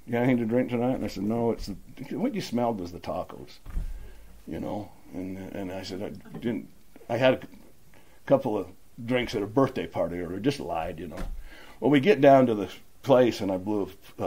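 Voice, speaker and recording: Speaking in a lowish, mellow voice over slight background noise, a middle-aged Utah man shares his personal recovery story at a meeting. He rambles casually and performs the dialogue.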